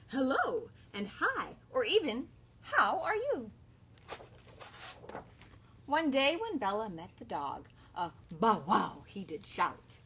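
A woman in her thirties, a kindergarten teacher and mother, reading a picture book aloud to her class while firmly keeping her children quiet. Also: medium pitch, breathy edge. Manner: animated read-aloud, firm with her children.

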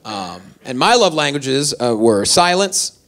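A man performing a stand-up comedy set, telling animated, self-deprecating stories. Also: medium pitch, a little slow. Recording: live venue with faint audience.

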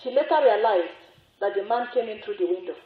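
A religious sister giving a sermon, telling a story with repetition and emphatic rising exclamations. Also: female voice, mid-range voice, lively intonation, brisk, slight background noise. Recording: echoey, phone-like narrow sound.

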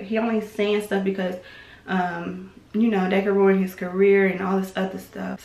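A young woman recaps online gossip in a loose, chatty way. She leans on "like" and "you know" and stops to hedge her claims. Her mid-pitched voice bounces around an echoey room. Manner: chatty, filler-heavy, hedging with "allegedly". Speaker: vlogger recapping online drama. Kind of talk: casual gossip commentary.

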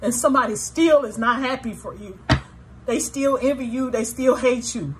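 A woman's voice: fairly high pitch, moderate pace, slight background noise. A woman giving a tarot reading to her viewers, blunt and often profane, swinging between sorrow and indignation as she talks straight to the audience. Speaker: tarot reader.

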